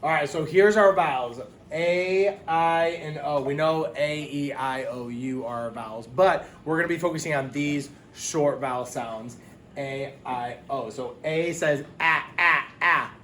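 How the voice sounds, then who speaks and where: A man's voice: on the high side, slight background noise. Man teaching phonics in an echoey room. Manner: sounds out letters slowly and clearly, encouraging. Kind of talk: phonics lesson for young children. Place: classroom.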